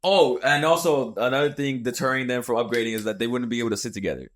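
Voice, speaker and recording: A young man hosting a podcast, telling a story in casual chat, animated and swearing, acting out what people said. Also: medium pitch, fast talker. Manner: animated, swearing, acts out quotes. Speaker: podcast host.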